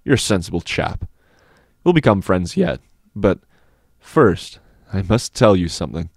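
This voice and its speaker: Calm sure-of-himself schoolboy, a man voicing him, low and soft, dry close mic. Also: gravelly, dry recording, full character voice. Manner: measured, soft, unhurried. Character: calm, self-assured older schoolboy, quietly persuasive.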